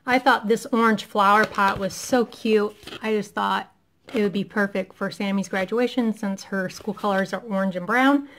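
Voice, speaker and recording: With a mid-range, slightly bright voice, fairly even intonation and a moderate pace, a thirties-aged mom chats eagerly through her shopping haul on a casual vlog. She's a bit hoarse and clears her throat, and there's a little hiss or hum in the audio.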